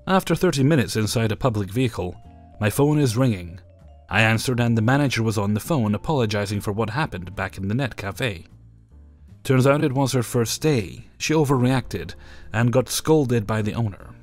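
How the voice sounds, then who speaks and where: A man at a middling pitch retells his stories in a wry, matter-of-fact voice. Faint background music runs under his narration. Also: expressive, normal speed. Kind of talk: storytelling narration.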